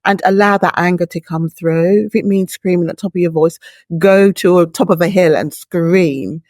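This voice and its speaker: A woman's voice: fairly low pitch, steady tone, normal speed, a little mellow, dry recording, studio quality. A middle-aged woman speaking as a guest in an interview, earnest and heartfelt, explaining her thoughts through long, patient images. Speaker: bereaved mother, guest. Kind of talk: reflective interview talk.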